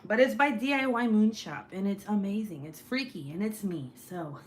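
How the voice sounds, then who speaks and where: A woman's voice: medium pitch, animated, a little slow. A young woman hosting a casual craft livestream, chatting and reading comments aloud in a rambling, swearing way. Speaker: craft channel host.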